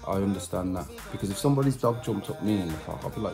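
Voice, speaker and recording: A low-pitched, expressive man talks rapid-fire over music, vlogging to his subscribers. A vlogger and musician, he tells a personal story to camera in a chatty, repetitive way, peppered with slang asides.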